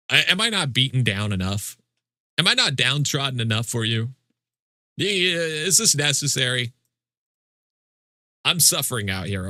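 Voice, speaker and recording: A man's voice: mid-range voice, bright, forceful tone, no echo, clean studio sound. A man streaming a game live, chatting casually with viewers in mock-indignant, joking complaints and swearing freely. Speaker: livestreamer. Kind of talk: casual livestream chat with viewers.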